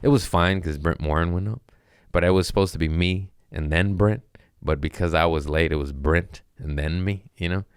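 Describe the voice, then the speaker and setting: A man's voice: sits low, steady tone, normal speed, smooth, no room sound, studio quality. A male comedian hosting a podcast, telling stories in a loose, profane, casual way and acting out the lines of the people in them. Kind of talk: casual storytelling monologue.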